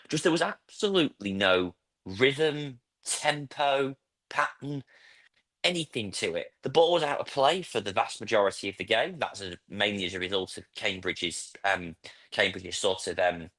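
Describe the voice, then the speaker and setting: A man's voice: lowish voice, a bit bright. A man on a fan podcast panel, chatting casually, repeating words as he stumbles to his point. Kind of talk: casual chat.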